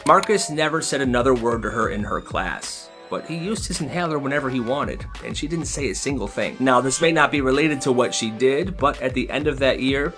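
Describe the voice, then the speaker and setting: Lively man narrating storytime. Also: medium pitch. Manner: lively, casual, commenting on the stories.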